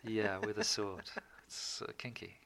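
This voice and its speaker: A man, a guest telling animated, jokey stories in a casual interview. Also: on the low side, measured pace, vocal fry.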